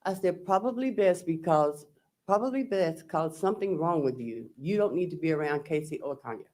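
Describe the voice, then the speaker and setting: A man's voice: on the high side, lively intonation, normal speed, a little mellow. A man testifying as a trial witness, recounting text messages and quoting what was said. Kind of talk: courtroom testimony.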